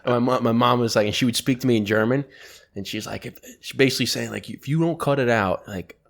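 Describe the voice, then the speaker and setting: A man's voice: mid-range voice, fast, vocal fry. A man co-hosting a podcast, telling rambling stories in casual chat and laughing often. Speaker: podcast co-host.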